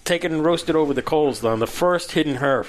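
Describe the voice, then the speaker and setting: A man's voice: a little high, brisk, slight background noise. Man telling stories on a cigar podcast. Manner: storytelling, laughs often. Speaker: podcast host. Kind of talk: casual chat among friends.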